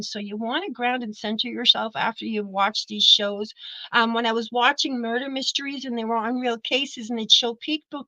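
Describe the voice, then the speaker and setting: A woman's voice: on the high side, pushed and bright, no echo, rough recording. A middle-aged woman teaching an online spiritual class, chatty and effusive, rambling with fillers and turning emotional. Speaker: Reiki teacher.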